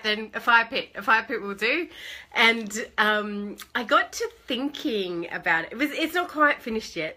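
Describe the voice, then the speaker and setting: A woman's voice: fairly low pitch, sharp tone. A woman hosting a casual live stream from her phone, chatting with viewers by name and laughing often.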